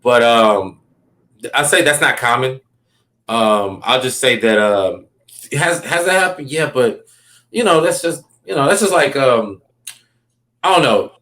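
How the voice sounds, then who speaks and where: A man's voice: medium pitch, animated, a little slow, long pauses, a bit bright. A man, a comedian, telling stories in a casual, rambling interview and checking in with "you know what I mean" often. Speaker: comedian guest. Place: Los Angeles.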